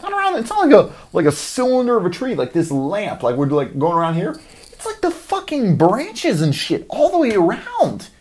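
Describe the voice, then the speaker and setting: A young man rants about everyday annoyances in a loose, profanity-laced comedic ramble. His pitch jumps around freely as he gets worked up, and the delivery is loose and animated. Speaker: podcast host. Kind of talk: comedic rant.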